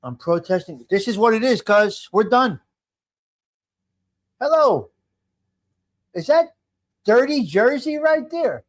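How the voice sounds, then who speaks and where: A man in his fifties hosts a laid-back live stream from home, calling out viewers by name and rambling as he restarts sentences. His voice is high with big swings in pitch, and he speaks slowly with frequent pauses.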